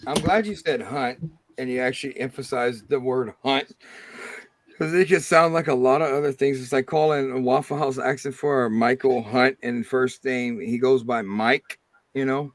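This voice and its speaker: A man's voice: medium pitch, fairly even intonation, normal speed, no echo. A man with a Cajun accent hosting a livestream, chatting casually and rambling with crude jokes. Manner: rambling, joking, crude humor. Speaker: livestream host.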